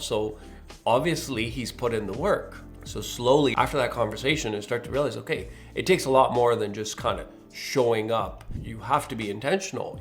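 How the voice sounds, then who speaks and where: Earnest man with a gravelly voice. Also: on the low side. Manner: earnest, animated storytelling with acted-out quotes. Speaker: mortgage specialist. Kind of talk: reflective storytelling monologue.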